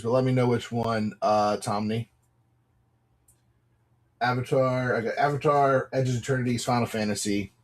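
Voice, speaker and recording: A man's voice: medium pitch, a little mellow. Man, livestream card seller, casual upbeat patter, mid-range voice. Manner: chatty, apologetic, upbeat pack-opening patter. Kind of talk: casual live-selling chat.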